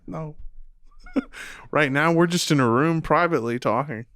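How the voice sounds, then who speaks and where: A man from Missouri, a comedy podcast co-host, joking deadpan in casual chat and often trailing off quietly. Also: fairly high pitch, normal speed, clean tone, dry recording. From Missouri, USA. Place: room, private recording.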